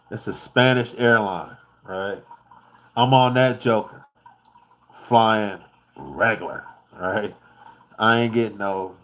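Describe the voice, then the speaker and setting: A laid-back man from the United States recounts his trip in a loose, profane, easygoing way. His pitch sits in a middle range, and he chuckles now and then while he talks. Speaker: vlogger. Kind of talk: casual travel storytelling.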